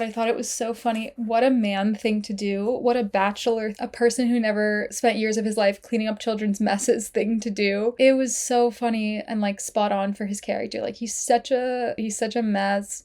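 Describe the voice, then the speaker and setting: A woman's voice: on the high side, a little mellow. Chatty woman host reviewing a film. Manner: chatty, peppered with "like", quick asides.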